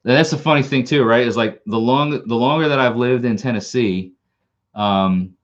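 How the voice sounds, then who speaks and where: A man's voice: medium pitch, moderate pace, lo-fi sound. A slightly tipsy man hosting a live stream, chatting casually in a rambling, laid-back way with lots of fillers.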